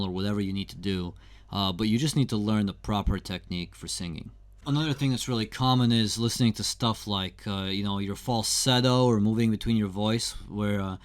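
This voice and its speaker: A man's voice: fairly low pitch, smooth. A young adult man giving a casual, candid singing lesson in a conversational, slangy way. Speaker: singing teacher.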